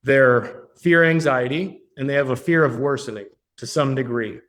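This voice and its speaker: A man's voice: mid-range voice, normal speed, fairly bright tone. A man leading a live workshop as a business coach, talking bluntly with plenty of swearing and often checking in with the people in the room. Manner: blunt, profane, keeps checking in with the audience. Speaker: business coach hosting a mastermind. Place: meeting room with a live audience.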